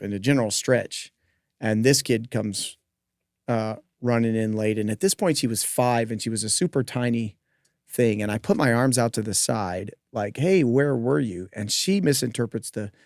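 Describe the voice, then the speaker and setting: A man who hosts a podcast and coaches gymnastics, telling a personal story in a lively way with joking asides. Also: medium pitch, moderate pace, no room sound, clean studio sound. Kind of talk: casual interview storytelling.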